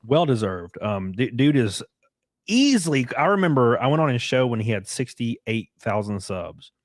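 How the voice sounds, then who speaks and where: Man, stream host, rambling, excitable, dry close mic. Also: normal speed, no room sound. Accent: Southern US. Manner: rambling, excitable, jumps to high-pitched outbursts. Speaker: podcast host. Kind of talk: casual livestream chat.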